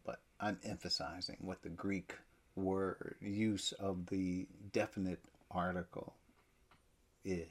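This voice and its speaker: A man preaching a sermon, emphatic, with loud stresses that drop to near-whispers. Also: fairly low pitch, vocal fry, breathy edge.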